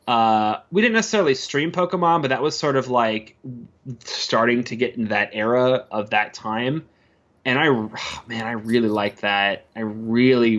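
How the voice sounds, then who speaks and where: A man as a podcast guest, telling lively stories in casual chat and often laughing. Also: mid-range voice, dull audio. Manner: animated, laughs often, acts out quoted coworkers. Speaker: podcast guest, former video editor.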